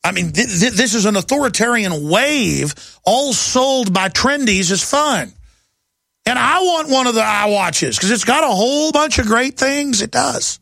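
A man's voice: very high voice, lively intonation, unhurried, creaky, bright, forceful tone, no room sound. A middle-aged man hosting a talk radio show, ranting fervently in a rising, impassioned monologue.

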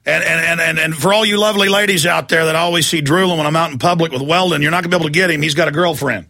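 A man hosting a live talk radio show, loud and hyped, shouting during a fundraising pitch. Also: very fast, creaky.

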